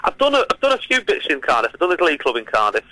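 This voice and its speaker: A man, a comedian guest chatting on a radio interview, telling stories in a quick, self-mocking way. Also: a little high, wildly swooping pitch, sharp tone, rough recording. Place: radio studio.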